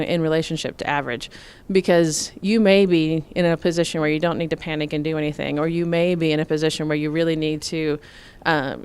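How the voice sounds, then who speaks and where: Low, smooth-voiced woman explaining farm finances. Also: a little mellow. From Nebraska, USA. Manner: measured, explanatory, many fillers. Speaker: farm finance expert, guest. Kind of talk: radio interview answers.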